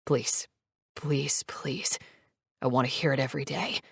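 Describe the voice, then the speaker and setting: Brief: a woman playing a gruff biker man, hushed and low-pitched, audiobook character. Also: measured pace, no room sound, clean studio sound, full character voice. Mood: tearful. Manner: soft, choked, low. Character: tender rough male biker, emotional father-to-be.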